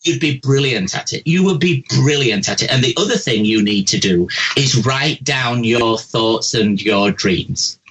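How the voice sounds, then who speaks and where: A man giving callers blunt, animated psychic readings on live call-in radio. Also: mid-range voice, measured pace, few pauses, low-quality recording. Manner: blunt, chatty, animated, says "bugger off", "bloody", "love", "posh".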